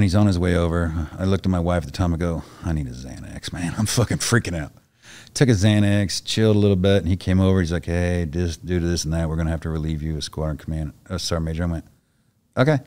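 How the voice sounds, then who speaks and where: A man's voice: low-pitched, fast talker, warm tone. A middle-aged man, a retired soldier, telling a story as a podcast guest in a blunt, profane, casual way and acting out the other voices in it. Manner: blunt, profane, acts out the voices in his stories.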